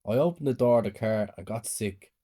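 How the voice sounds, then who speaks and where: A man calmly narrating a scripted first-person horror story. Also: lowish voice, fairly quick.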